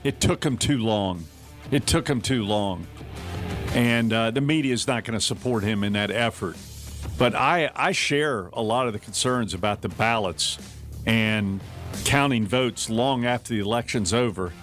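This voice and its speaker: A man hosting a talk radio show, giving commentary in a conversational, measured way. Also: on the low side, a bit bright, faint music behind.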